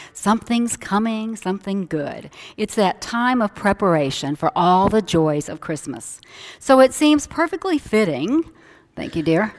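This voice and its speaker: An older woman pastor giving a casual, joking sermon to her congregation in a church sanctuary. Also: medium pitch. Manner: chatty, joking asides to the congregation.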